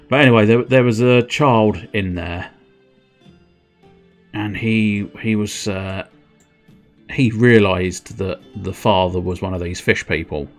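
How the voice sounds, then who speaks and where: A man streaming a game, chatting in a rambling, giggly way with lots of restarts. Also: sits low. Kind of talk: casual gameplay commentary.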